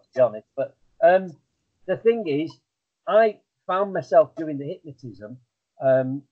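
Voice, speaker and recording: A middle-aged man, a hypnotist guest, telling stories in a rambling, self-deprecating way with many fillers. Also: mid-range voice. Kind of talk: casual storytelling interview. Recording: tinny phone-like line.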